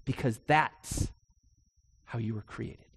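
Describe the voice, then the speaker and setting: A man's voice: mid-range voice, gravelly, slight background noise. Earnest male pastor in a reverberant hall. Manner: earnest, rhetorical questions, slows for emphasis. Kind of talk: sermon. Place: church sanctuary. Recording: long reverb in a church hall.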